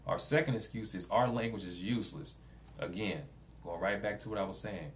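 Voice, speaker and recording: A man's voice: fairly low pitch, fairly quick, slight background noise. A man talking casually to camera in a vlog, blunt and repetitive, with features. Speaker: vlogger.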